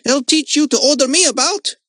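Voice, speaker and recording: A man voicing a jealous, bullying boy who yells spitefully in an audiobook. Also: very high voice, fairly quick, no room sound, clean studio sound, voice pushed up. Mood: angry. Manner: yelling, spiteful.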